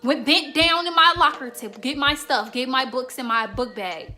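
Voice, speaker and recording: A woman's voice: high voice, normal speed, pushed and bright, soft background music. A young woman in her twenties from the Chicago suburbs, telling candid stories to her viewers in a slangy, frank casual vlog. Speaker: YouTuber.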